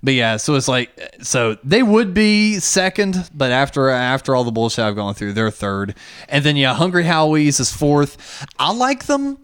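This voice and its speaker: A man's voice: mid-range voice, expressive, normal speed, fairly bright tone, smooth. A man co-hosting a podcast, telling a story in casual chat with a lot of swearing. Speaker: podcast co-host.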